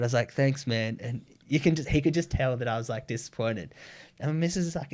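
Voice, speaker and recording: A man chatting on a podcast. He tells stories with lots of swearing and slips into the voices of the people he describes. His voice sits at an ordinary middle pitch. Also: fairly quick. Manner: animated storyteller, swears freely, acts out quoted voices. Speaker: podcast guest. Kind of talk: casual chat.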